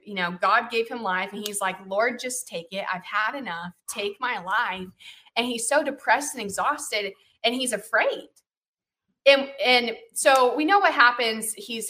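In a rather high voice, a woman gives an animated, chatty retelling of a Bible story while teaching, using lively emphasis. Her speech is packed with "you know" and "like," plus check-ins such as "right?" and "okay?".

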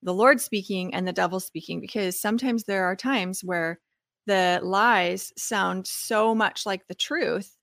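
A woman's voice: mid-range voice, unhurried, vocal fry, a bit bright, dry recording. Questioning woman on a dry podcast mic. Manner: searching, questioning, repeats her phrasing. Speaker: guest co-host.

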